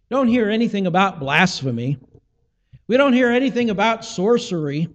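A man's voice: high-pitched, in a large hall. A man preaching a sermon, teaching and asking rhetorical questions, acting out the voices he quotes.

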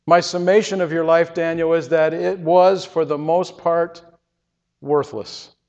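A man voicing a solemn, gentle male divine judge who speaks slowly and quietly. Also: on the high side, steady tone. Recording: reverberant, dull lo-fi sound.

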